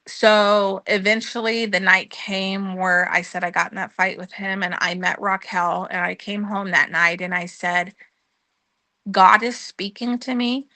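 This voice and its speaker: A woman's voice: medium pitch, sharp tone, no room sound. A woman telling her recovery testimony in a conversational way, earnest and full of ums, sometimes acting out what she said back then. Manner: earnest storytelling with frequent ums, acting out her own past words. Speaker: guest sharing her testimony.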